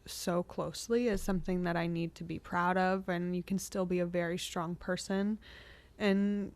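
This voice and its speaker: A woman co-hosting a podcast, talking candidly and reflectively with frequent restarts and soft laughs. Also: fairly low pitch, little pitch movement, moderate pace, no echo. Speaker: podcast co-host. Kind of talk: candid conversational podcast chat.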